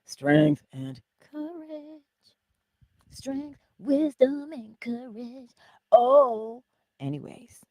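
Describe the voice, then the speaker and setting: A woman leads an inspirational livestream in an unhurried, husky voice. Her pitch swoops around freely and her tone is dark and mellow. She is chatty and playful, and often drops to a whisper. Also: sing-song, no room sound. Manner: chatty, greets viewers by name. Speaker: livestream host.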